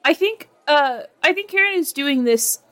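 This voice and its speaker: High-voiced woman playing a tabletop game. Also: lively intonation, moderate pace, a bit bright. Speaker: player.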